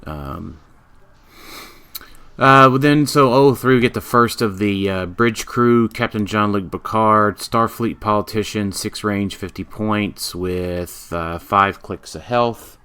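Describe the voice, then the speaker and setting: Deep-voiced man reading game stats. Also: pushed and bright, clean tone. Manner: halting, many ums, reads card stats aloud. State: yawning, tired. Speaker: podcast co-host. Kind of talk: casual game review chat.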